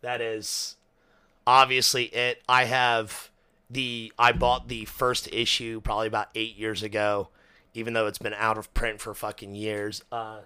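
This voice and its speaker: A man's voice: on the low side, pushed and bright, smooth, no echo. A young man hosting a podcast, chatting casually and animatedly, swearing often and acting out quotes. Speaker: podcast host. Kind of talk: casual chat.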